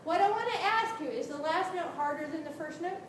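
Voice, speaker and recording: A woman vocal instructor leading a group singing lesson, brisk and encouraging, checking in with the class and singing demonstration notes. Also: very high-pitched. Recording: echoey room from a distance, noisy.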